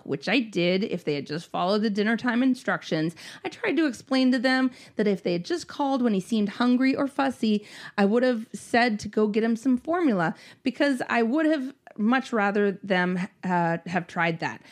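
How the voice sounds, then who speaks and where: A young woman reading a personal story aloud in a sarcastic, animated way. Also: fairly high pitch, normal speed.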